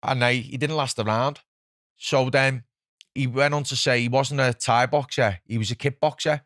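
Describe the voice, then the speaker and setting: A man, a podcast host telling a fight story in a casual, heavily sweary, animated way. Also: mid-range voice, moderate pace, dry recording, clean studio sound. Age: 40s. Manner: swears constantly, animated retelling with quoted voices.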